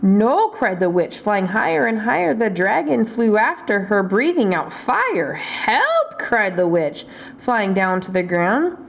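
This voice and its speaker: A woman's voice: medium pitch, very animated, gravelly. A woman reading a rhyming picture book aloud at a library storytime. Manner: slow, rhythmic rhyming read-aloud.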